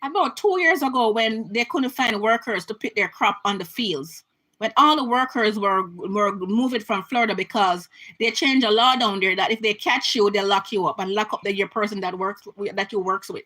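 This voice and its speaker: A woman's voice: a little high, animated, normal speed, a bit bright, rough recording. A Jamaican woman giving an impassioned political rant to her camera, emphatic and repetitive, often restarting her sentences. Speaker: vlogger.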